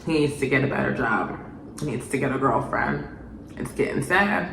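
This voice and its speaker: A woman ranting in a vlog commentary, animated, sarcastic and exasperated. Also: a bass voice, moderate pace, gravelly, reverberant, slight background noise, poor audio. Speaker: video essayist.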